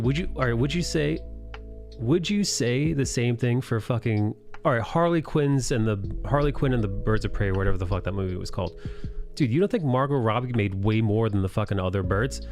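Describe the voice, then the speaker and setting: A lower-voiced man runs a casual live stream while he draws. He rants with plenty of profanity and open disbelief. Faint music plays underneath his talk. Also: a little mellow. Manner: profane, ranting, incredulous. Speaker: streamer and artist hosting a live chat.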